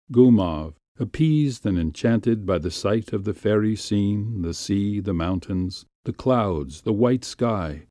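A man calmly narrating a classic story in a measured, unhurried way. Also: on the low side, no echo, studio quality. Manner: calm, measured, unhurried reading.

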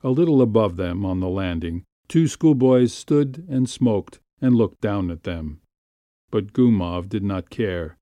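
A man reads a classic story aloud at a measured, unhurried pace. His voice is low with a very dark, mellow tone. The recording is close and dry. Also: expressive, no room sound. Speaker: narrator. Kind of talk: audiobook reading of a classic story.

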